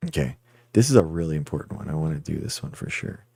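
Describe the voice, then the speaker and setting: A man hosts a livestream with a low, mellow voice, chatting loosely and rambling as he answers his viewers directly. The sound is dry and close, with no room echo. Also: expressive, fast talker, creaky, breathy edge. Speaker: livestream host. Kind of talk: casual livestream chat with viewers.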